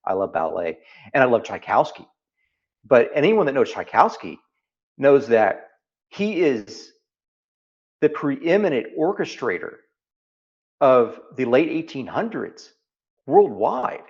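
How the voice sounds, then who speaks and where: An earnest man with a Texas accent talks through ideas in an interview, repeating key phrases for weight. His voice sits at a middle pitch. The audio is a little dull and lo-fi. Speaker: interview guest. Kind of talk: reflective interview conversation.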